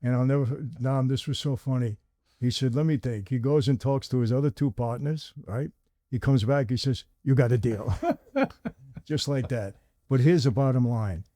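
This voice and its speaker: An older man hosts a sit-down talk, spinning long stories and voicing the people in them. His tone is mellow and relaxed. The sound is close and dry. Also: mid-range voice, normal speed, no echo. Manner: animated storyteller acting out quoted dialogue. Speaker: host. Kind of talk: conversational storytelling.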